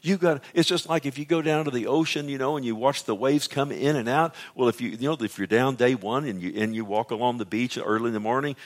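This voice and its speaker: A man preaching a sermon, reading scripture aloud and explaining it in a conversational way, moving between loud urgent pleading and low hushed passages. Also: fast, few pauses. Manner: reads scripture aloud and then paraphrases it.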